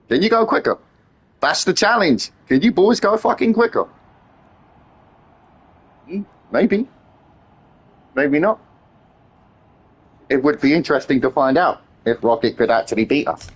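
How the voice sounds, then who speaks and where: A man streaming a racing game live, talking excitedly with friends and swearing freely as he teases them. His voice sits high and swings widely in pitch. It has a rough, husky edge. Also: a little slow, long pauses. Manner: excitable, swears often, teasing banter with friends. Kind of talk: live-stream gameplay chat.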